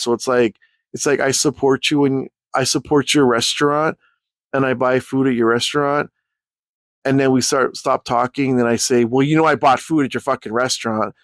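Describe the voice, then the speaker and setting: A man's voice: medium pitch, a little fast, no room sound. Profane ranting man, dry sound. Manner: profane, animated, rambling. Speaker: YouTuber. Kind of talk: casual storytime rant.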